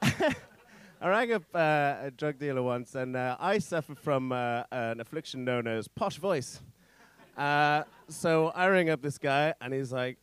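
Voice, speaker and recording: A man's voice: medium pitch, a little slow, fairly bright tone, smooth. A young man performing a stand-up set on a comedy club stage, rambling and self-deprecating, swearing a lot between fillers.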